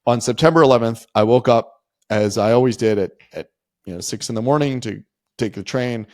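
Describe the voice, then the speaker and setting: A man in his forties appears as a podcast guest, telling a personal story in a rambling, conversational way packed with "like" and "you know." His mid-range voice is a little fast and a little mellow, recorded dry at studio quality.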